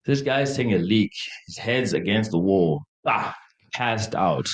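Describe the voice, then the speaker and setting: A man's voice: on the low side, lively intonation, measured pace, highs cut off. A young man co-hosting a podcast, casually telling a party story, acting out quotes in a raised voice and laughing often. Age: young adult. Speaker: podcast co-host.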